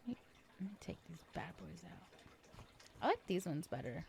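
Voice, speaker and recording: A woman's voice: on the low side, sing-song, normal speed, creaky, a little mellow, a little hiss or hum. A young woman hosting her own podcast, chatting casually and rambling in a self-deprecating way, with lots of fillers. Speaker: podcast host. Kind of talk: casual solo podcast chat.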